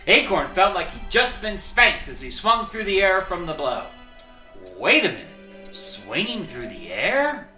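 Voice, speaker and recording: Storybook narrator, slow, animated, bright tone, roomy echo, soft music. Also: mid-range voice. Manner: expressive, lively storytelling.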